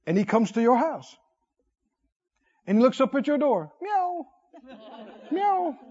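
High-pitched, lively preaching man. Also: normal speed, breathy edge, long reverb tail, dull audio, some chatter behind. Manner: animated call-and-response preaching with comic asides. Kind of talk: sermon.

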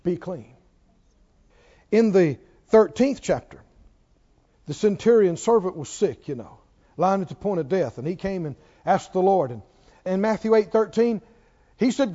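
High, lively-voiced man preaching slowly. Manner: emphatic, asks the audience rhetorical questions; stretches out key words for emphasis. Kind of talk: sermon. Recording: reverberant, dull lo-fi church recording.

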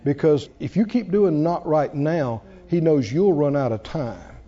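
A man's voice: fairly high pitch, very animated, moderate pace, mellow, husky. A man preaching a sermon to his congregation, calling for responses and laughing often. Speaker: pastor. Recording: dull echoey hall recording.

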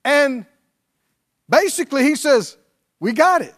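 A man's voice: very high-pitched, sing-song, a little slow, a bit bright. A male pastor preaching a sermon, drawing on the congregation and mimicking pleading prayers.

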